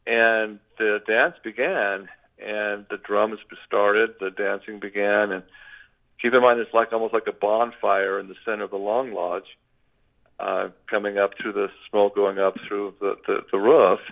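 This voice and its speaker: An older man recounts an eerie story as a guest, rambling and doubling back on his words. His voice is gravelly with some fry, and it comes through a narrow, tinny phone line. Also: lowish voice, steady tone, a little slow. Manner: rambling, with frequent restarts.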